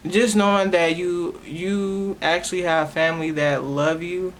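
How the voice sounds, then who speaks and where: A young woman hosts her own podcast, giving a personal testimony in an earnest, emotional way and often stopping and restarting her words. Her voice is low, with a little hiss or hum in the recording.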